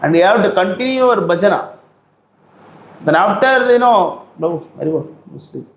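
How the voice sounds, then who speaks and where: A man's voice: high-pitched, animated, normal speed. A man giving a scripture class, asking rhetorical questions and acting out quotes. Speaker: preacher. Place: temple hall. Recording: roomy hall echo.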